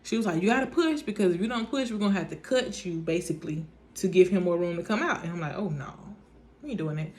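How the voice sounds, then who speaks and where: A woman's voice: fairly low pitch, fast talker. A young woman, casually telling her viewers a personal story, acting out what everyone said. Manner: chatty, animated, speaks in reported dialogue, says "y'all" often.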